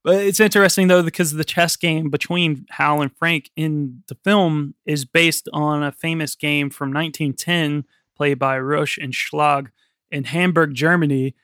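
A man's voice: on the high side, fairly even intonation, measured pace, fairly bright tone, smooth, no room sound, clean studio sound. A man hosting a casual film podcast, chatty and swearing casually, laughing often. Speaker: podcast host.

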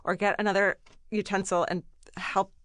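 A woman's voice: medium pitch, flat delivery, moderate pace, a bit bright, no room sound. A young woman co-hosting a casual podcast chat, blunt and opinionated, swearing freely. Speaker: podcast co-host.

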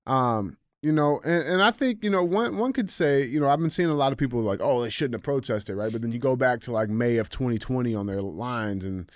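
Male co-host, mid-pitched, dry close sound, hesitant rambling chat. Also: lively intonation, fairly quick, hardly any pauses, dry recording. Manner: hesitant, heavy on fillers and restarts. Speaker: podcast co-host. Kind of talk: casual chat.

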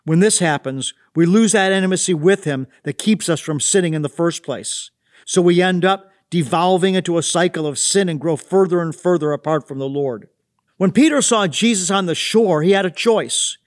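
Brief: high-pitched man reading a devotional with earnest, reflective delivery. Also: moderate pace. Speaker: devotional host. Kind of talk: scripted devotional narration.

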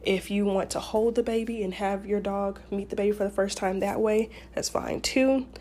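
Woman podcast host, relaxed mellow tone, chatty and rambling. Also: medium pitch, moderate pace. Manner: chatty, rambling, many fillers and restarts. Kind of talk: casual advice talk.

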